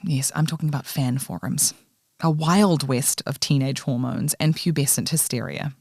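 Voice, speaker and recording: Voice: medium pitch, normal speed, creaky, darkish tone, no room sound. Podcast host narrating a music doc, wry and personal, dry close mic. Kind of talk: scripted narration.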